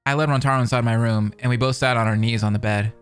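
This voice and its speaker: A man's voice: medium pitch, fairly even intonation, quick pace, clean tone, soft background music, pitched below the performer's own voice, natural voice. A man reading as a shaken teenage girl. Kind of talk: reading visual novel text aloud.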